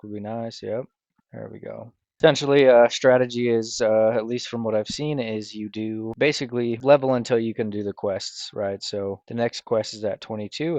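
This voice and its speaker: A man's voice: on the low side, darkish tone, no echo. A man giving casual commentary over his own gameplay, loose and rambling, with many fillers and restarts. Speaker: gaming video creator. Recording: dull, lo-fi, dry voice recording.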